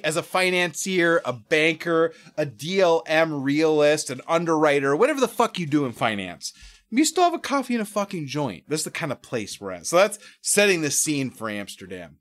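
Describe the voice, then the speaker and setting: High, animated man telling a story. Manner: animated, profane, acts out voices and quotes. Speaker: podcast guest. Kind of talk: casual storytelling.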